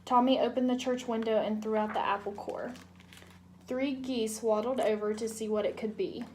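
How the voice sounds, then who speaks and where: A young woman, a student, narrating a children's storybook read-aloud in a gentle, clear way. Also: a little high, fairly even intonation, moderate pace, a little hiss or hum. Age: young adult. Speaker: student reader.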